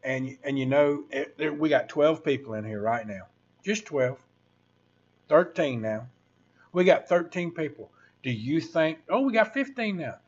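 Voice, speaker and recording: A man's voice: a little high, animated, measured pace, lo-fi sound. A man, ranting casually to viewers on his livestream in a rambling, preachy way. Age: 60s. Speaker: livestream host.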